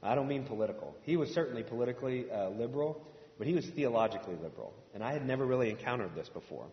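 A male pastor preaches in a relaxed, storytelling way, throwing questions out to the congregation. His voice rings around a large church hall with a long tail of reverb. The sound is slightly dull and muffled. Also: mid-range voice, rapid-fire. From Indiana, USA. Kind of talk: sermon.

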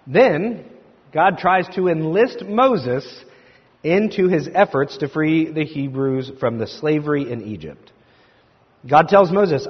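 A man's voice: a little high, lively intonation, slow pace, husky. A man preaching a sermon, retelling a scripture story and quoting the figures with rising energy. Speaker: pastor. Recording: echoey hall, dull lo-fi sound.

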